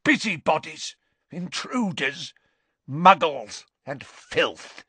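A man's voice: fairly high pitch, animated, slow, bright, forceful tone, slightly rough, dry recording, pitched above the performer's own voice, heavily acted. A man reading an audiobook, voicing a hostile, aggressive old man who sneers at a visitor in a storybook. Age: older. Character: hostile, aggressive elderly male hermit.

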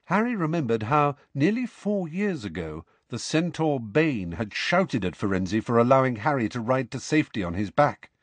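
Lively-voiced male audiobook narrator. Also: medium pitch, moderate pace, few pauses, no echo. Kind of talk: scripted storybook narration.

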